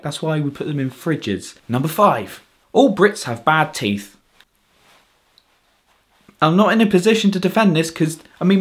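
A young English man doing a casual comedic vlog monologue, cheeky and sarcastic, swearing freely. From Britain. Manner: cheeky, sarcastic and swearing, with animated swings in pitch. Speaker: vlogger.

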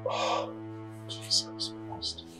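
A man with a Nigerian accent playing an anxious pastor husband who stammers, apologises and begs his wife to calm down. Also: extremely slow, loud music behind the voice. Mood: apologetic. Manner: stammering, begging.

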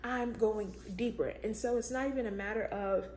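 A woman's voice: fairly high pitch, normal speed, a little mellow. A woman hosting her own vlog, reflecting on faith in a casual, emphatic way and breaking into exclamations of praise. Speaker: vlogger, show host. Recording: echoey room with faint ambient noise.

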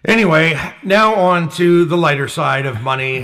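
A man's voice: a little high, lively intonation, moderate pace, over loud music. A man co-hosting a casual talk show, reading out facts and list items and chuckling often. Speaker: co-host.

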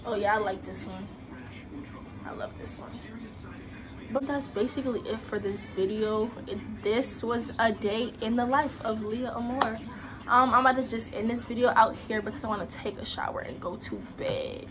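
A hoarse teenage girl talks straight to her viewers in a relaxed vlog, her worn voice sitting a bit high for a woman. She sounds tired and a little breathless. Steady background noise runs under the phone recording. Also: moderate pace. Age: late teens. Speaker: vlogger. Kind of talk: casual vlog chat.

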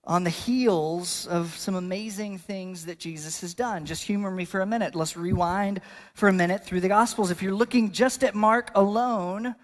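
A man's voice: high voice, fairly even intonation, moderate pace. A male pastor delivering a sermon in a conversational style, building to bursts of emphasis.

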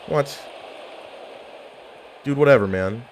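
Excitable trash-talking gamer guy. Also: medium pitch, moderate pace, slight background noise. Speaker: gaming YouTuber. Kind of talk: casual gameplay commentary.

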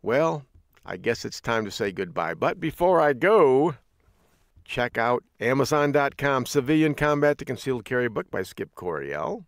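A man's voice: medium pitch, big pitch swings, normal speed, no echo, clean studio sound. A middle-aged American man hosting a show, telling folksy stories in a casual monologue and acting out the people he quotes. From United States. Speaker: podcast host.

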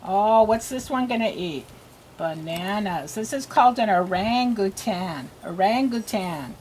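Slow, patient woman reading teacher. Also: mid-range voice, animated, a little hiss or hum. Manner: patient, sounding out letters and repeating words slowly. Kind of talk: slow read-aloud phonics lesson for young children.

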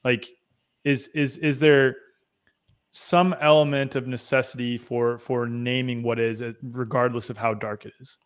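Man, interview host, middle pitch, hesitant, thoughtful questions. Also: flat delivery, unhurried, clear, resonant tone. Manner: thoughtful, hesitant, restarts while framing questions. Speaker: podcast host.

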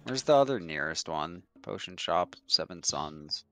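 A young man with a low, gravelly voice tossing off swears during a game. His pitch swings widely from line to line, with faint music underneath. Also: animated, unhurried. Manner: swearing, exasperated quips. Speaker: streamer. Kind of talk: casual let's-play commentary.

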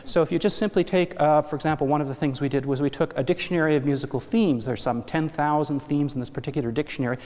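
A man's voice: fairly high pitch, fairly even intonation, fast, few pauses, darkish tone. A man giving an academic lecture to an audience, explaining step by step with asides and self-corrections. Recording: hall reverb.

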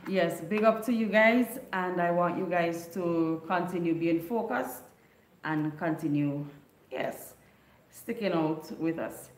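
A woman's voice: fairly low pitch, slow, roomy sound. A woman from a Caribbean island, hosting a casual livestream chat, greeting viewers by name and laughing often. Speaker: livestream host.

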